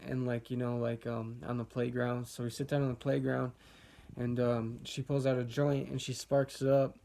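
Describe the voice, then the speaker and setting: A man's voice: mid-range voice, creaky, a little mellow. A young man casually telling a personal story as a vlogger, laid-back and rambling with lots of fillers.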